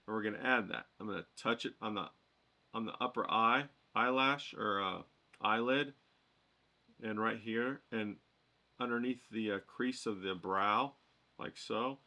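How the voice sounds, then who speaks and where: A man's voice: lowish voice, a little slow, bright, forceful tone. A man teaching a watercolor painting demo, chatting and thinking aloud as he paints. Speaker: watercolor instructor.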